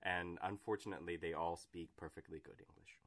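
A man's voice: low-pitched, fairly even intonation, brisk, fairly bright tone. A man hosting a podcast, chatting casually and playfully about science and beer. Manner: playful, tries a silly put-on voice while joking about beer. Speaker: podcast host.

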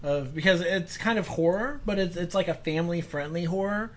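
A man hosting a casual podcast chat, relaxed as he moves between segments. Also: high voice, brisk, a little hiss or hum.

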